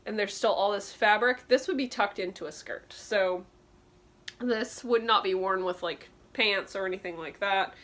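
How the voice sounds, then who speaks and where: A woman's voice: mid-range voice, moderate pace, fairly bright tone. A woman vintage clothing reseller giving a chatty show-and-tell tutorial, explaining details with frequent ums.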